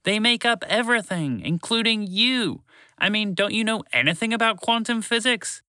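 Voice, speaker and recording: A man's voice: fairly high pitch, lively intonation, measured pace, sharp tone, no room sound, studio quality, pitched above the performer's own voice. A man voicing an impatient, know-it-all female dragon who lectures in a storybook. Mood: frustrated. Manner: lecturing, exasperated.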